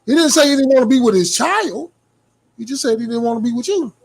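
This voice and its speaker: A man's voice: extremely high pitch, animated, fast, gravelly. A man on a podcast who challenges the other host and argues back in a casual way. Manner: challenging, argumentative.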